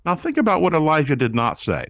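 A man speaking as a guest on a talk show about prayer, explaining scripture in an animated preaching manner and acting out quoted voices. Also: fairly high pitch, fast, vocal fry, no echo. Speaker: guest, pastor-author on prayer. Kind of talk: teaching interview answer.

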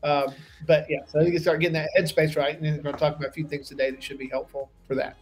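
Man, podcast co-host, fast direct talk, slightly high voice, faint music. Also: flat delivery. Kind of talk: business coaching podcast talk.

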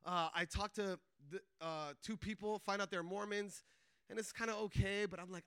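A man telling a faith testimony in a casual, animated storytelling way, full of filler words and quick laughs. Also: high-pitched, gravelly, no room sound. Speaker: speaker sharing a faith testimony.

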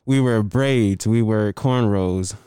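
A man's voice: on the low side, takes it slowly, warm tone, clear, resonant tone, dry recording, studio quality. A young man co-hosting a podcast, talking loosely in casual chat with easy slang. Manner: laid-back, laughs often, loose slang. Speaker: podcast co-host.

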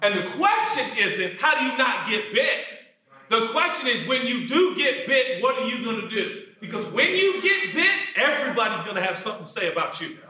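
Animated high-voiced preacher man, echoey room. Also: moderate pace. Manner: animated, swings from shouting to low asides. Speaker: pastor. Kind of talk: sermon.

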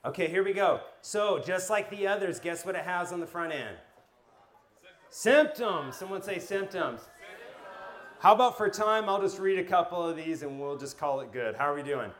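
Male pastor, slightly higher voice, energetic teaching sermon, quizzes the audience, tells stories from his own life. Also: fairly quick. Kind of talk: sermon-style teaching to a live group.

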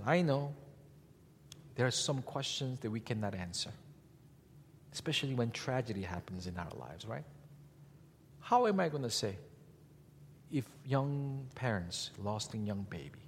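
A man preaching a sermon as pastor, speaking in an animated way and asking the congregation rhetorical questions. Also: medium pitch, a little hiss or hum. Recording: long hall reverb.

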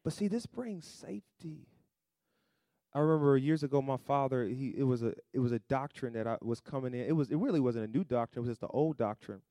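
A man preaching a sermon, asking the congregation for amens, swinging between loud emphatic peaks and low asides. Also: a little fast, dry recording, studio quality. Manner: call-and-response preaching, rising to loud emphatic peaks then dropping low; acts out quoted voices in asides. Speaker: pastor.

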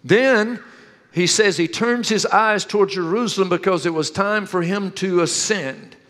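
A pastor preaching an animated sermon in a church, retelling stories and asking the congregation questions. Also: male voice, high-pitched, a little slow, big-room sound.

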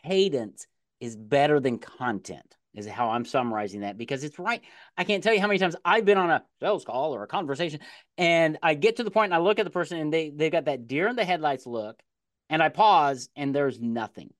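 Animated middle-aged male podcast host. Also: fairly high pitch, fairly quick, no room sound, studio quality. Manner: animated, laughs easily, repeats words when excited. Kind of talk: casual interview chat.

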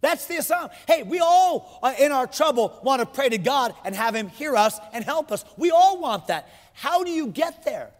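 A man's voice: very high-pitched, big pitch swings, normal speed, few pauses, big-room sound. A pastor preaching a sermon to his congregation, emphatic, repeating his phrases and asking rhetorical questions.

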